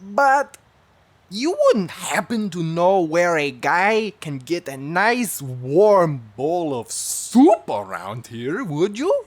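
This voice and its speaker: Woman voicing a bumbling storybook toucan sleuth, awkward and eager, husky and bouncy. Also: on the low side, big pitch swings, slow pace, heavily acted. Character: bumbling male toucan detective.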